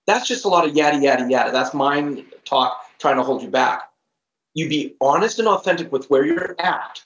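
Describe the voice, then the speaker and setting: A man in his fifties, a professional trainer on a podcast, telling an emphatic story and acting out the dialogue. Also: a little high. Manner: animated, emphatic storyteller who acts out dialogue. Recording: roomy, slightly dull recording.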